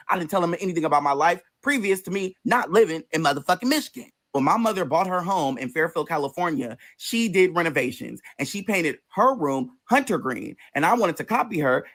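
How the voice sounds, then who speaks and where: Sassy dude spilling a long story, cussing nonstop, voice on the higher side. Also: male voice, fairly quick, few pauses. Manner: animated, profane, sassy. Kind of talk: casual storytime.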